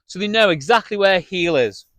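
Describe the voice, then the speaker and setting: High-voiced man demonstrating dog training. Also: expressive, moderate pace, a bit bright, dry recording. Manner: direct and instructive, talking to camera while demonstrating.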